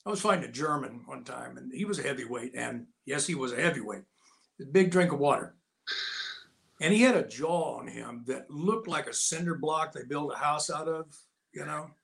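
An older American man, an actor and Navy veteran, telling lively anecdotes as an interview guest and acting out the people he quotes. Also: fairly high pitch, normal speed, gravelly. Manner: animated anecdotes with voiced quotes. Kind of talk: casual storytelling.

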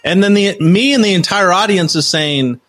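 A man co-hosting a podcast, recapping events at an even pace with sarcastic asides. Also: high voice, moderate pace. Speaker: podcast co-host.

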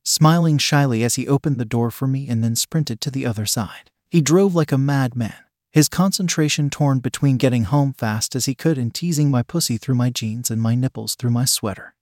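Male narrator, erotic audiobook, steady reading, middle pitch, dry close sound. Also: normal speed, few pauses, dry recording.

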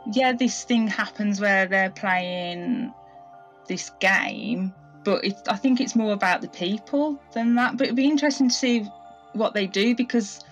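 A woman with a Birmingham accent hosts a relaxed chat. She giggles easily and her pitch swings lively up and down. Faint music sits behind her. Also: highs cut off. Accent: Birmingham English. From England. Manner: giggly, chatty, laughs often. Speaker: guest host. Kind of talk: casual chat.

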